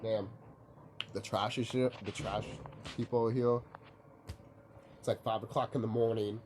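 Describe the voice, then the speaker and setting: A man's voice: fairly low pitch, steady tone, measured pace, noisy background. A young man vlogging from home in the early morning, sleepy and rambling, swearing casually and leaning on fillers. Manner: loose, rambling, lots of fillers and profanity.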